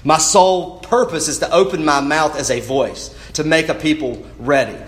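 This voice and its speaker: A man's voice: on the high side, moderate pace. A man preaching a sermon in an earnest way, often restarting words as he goes. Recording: roomy echo.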